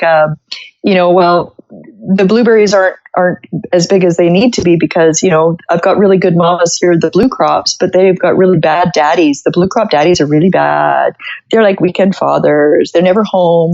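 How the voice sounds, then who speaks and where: A woman's voice: lowish voice, darkish tone, highs cut off. A woman from Canada, chatting as a podcast guest, telling jokey stories and laughing often. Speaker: podcast guest, musician and gardener. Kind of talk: casual interview chat.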